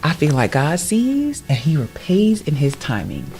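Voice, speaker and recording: A woman's voice: low voice, measured pace, soft background music. Emphatic woman sharing a testimony. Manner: emphatic, repeats phrases for stress; lively, swings between soft asides and excited bursts. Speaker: real estate agent. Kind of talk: personal testimony vlog.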